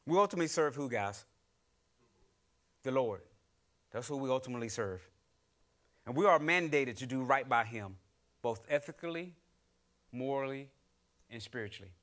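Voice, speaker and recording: Bright-voiced man preaching with rising fervor. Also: medium pitch, lively intonation, normal speed, pauses often. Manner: call-and-response preaching, rising to loud exhortation; acts out grumbling voices in quoted asides. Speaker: lay preacher. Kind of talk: sermon.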